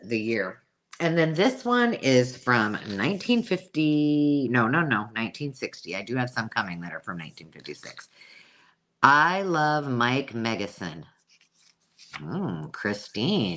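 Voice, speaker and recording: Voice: medium pitch, a bit bright. A host chatting casually through a live sale, self-mocking and cooing over old pictures. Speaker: host selling vintage books.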